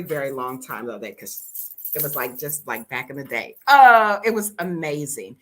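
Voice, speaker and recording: A woman chatting casually to her viewers, telling animated stories with jokes and sudden high-pitched exclamations. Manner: colloquial, joking, talks to viewers as y'all. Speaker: travel vlogger. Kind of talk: casual chat to camera.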